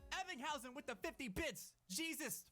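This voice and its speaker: Excitable high-voiced man streaming live. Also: normal speed, soft background music. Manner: excitable, bursts into shouted exclamations. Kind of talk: live stream chat, thanking viewers.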